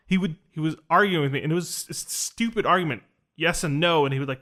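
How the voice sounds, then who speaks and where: Man, casual storytelling, animated, quotes dialogue, fairly high voice. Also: fast talker. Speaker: podcast host recounting an experience.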